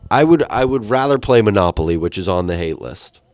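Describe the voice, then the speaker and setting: A young man hosts a casual solo podcast, rambling through a profane story and leaping into high, excited voices when quoting people. He talks a little fast, and there's no echo.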